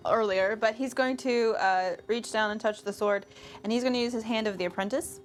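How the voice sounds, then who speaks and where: A woman playing in a tabletop game on a live stream, measured as she reads her character's rules aloud. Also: on the high side, fairly even intonation, slight background noise. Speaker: player.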